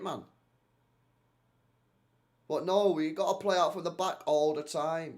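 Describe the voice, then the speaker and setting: A man's voice: fairly high pitch, animated, unhurried, long pauses. A man running a live football reaction stream, blunt and slangy, swearing freely as he reacts to the play.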